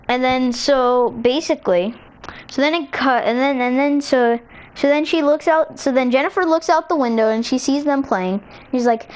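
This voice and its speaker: A woman spins a made-up tale in a casual, rambling way, piling up "so then" and restarting her sentences. Her voice sits fairly high, and she pops into quick little voices for each character. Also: a little mellow. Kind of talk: casual storytelling while gaming.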